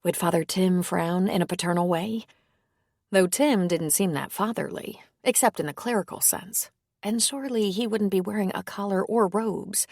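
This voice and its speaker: A woman narrating a romance audiobook in a measured storytelling manner. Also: medium pitch, darkish tone, no room sound, studio quality. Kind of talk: scripted narration.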